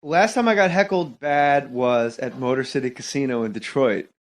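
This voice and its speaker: Animated comedian telling a road story. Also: male voice, mid-range voice, normal speed. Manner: loose, animated storytelling with comic voices. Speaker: stand-up comedian. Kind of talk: telling a stand-up anecdote.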